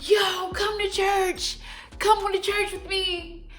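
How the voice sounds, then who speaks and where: A woman voicing an excited young man who yells an invitation from a car, in a raised, insistent voice. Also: slow pace, roomy sound, full character voice. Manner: loud, insistent, high-pitched calling out.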